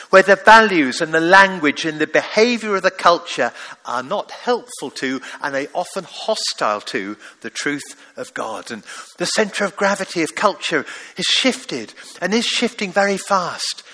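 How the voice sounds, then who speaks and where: High, bright-voiced preacher. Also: male voice. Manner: emphatic and exhorting, repeats phrases. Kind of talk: sermon.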